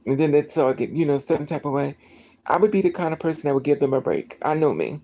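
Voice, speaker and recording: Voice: medium pitch, fast. A vlogger telling a personal story in a casual, rambling monologue, acting out the dialogue and often restarting sentences. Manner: rambling, animated, acts out dialogue, many restarts.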